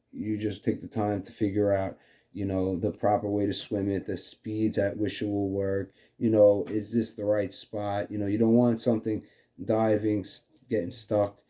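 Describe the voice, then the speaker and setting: A man's voice: on the low side, warm tone. A man with a New York accent casually demonstrating fishing lures, rambling with many fillers like "you know". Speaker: fishing channel host.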